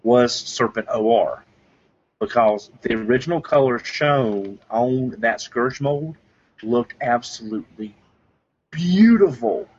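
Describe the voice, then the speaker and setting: This man co-hosts a podcast, talking in a relaxed, eager, meandering way and often restarting sentences. His voice is mid-range and unhurried, and the recording is muffled and lo-fi.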